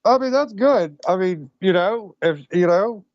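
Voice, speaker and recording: A man's voice: high voice, animated, a little slow, a little mellow. A man co-hosting a podcast, bantering and teasing his co-host in casual chat. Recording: muffled lo-fi sound.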